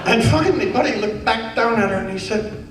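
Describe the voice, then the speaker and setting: Heavy background noise surrounds this keynote, captured from far away in an echoey conference hall. The speaker, a high-voiced man from Newfoundland, Canada, talks fairly quickly, telling humorous stories with wry animation that builds into earnest rhetoric.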